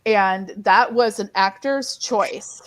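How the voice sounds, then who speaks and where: A woman co-hosting a casual online comic book hangout, telling stories in an animated way with many restarts. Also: medium pitch, slow. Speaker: co-host. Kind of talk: casual chat.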